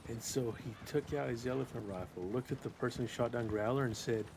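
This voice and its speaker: Gravelly man telling a story haltingly. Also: medium pitch, background noise. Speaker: role-play game character. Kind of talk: in-character role-play storytelling.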